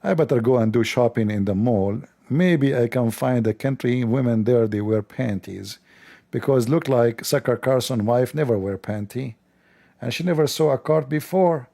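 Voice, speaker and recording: A man's voice: medium pitch, normal speed, gravelly, warm tone. A man hosting a livestream, giving sarcastic commentary on a video in scornful, mocking tones, with non-standard English grammar. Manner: mocking, scornful, exaggerated incredulity. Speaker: livestream host.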